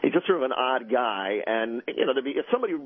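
A man who is a guest journalist on a radio talk show, telling stories in a rapid, animated way with frequent restarts. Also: medium pitch. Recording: dull, dry radio audio.

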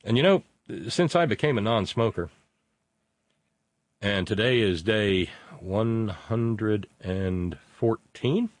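A man's voice: on the low side, dry recording. A man hosting a live radio talk show from a studio, chatting casually in a blunt, jokey way.

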